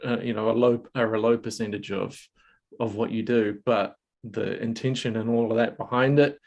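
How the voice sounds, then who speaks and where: A man's voice: lowish voice, steady tone, moderate pace, gravelly, a little mellow, highs cut off. Man musing, full of restarts. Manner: thoughtful, full of fillers and restarts. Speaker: host. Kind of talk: casual panel discussion.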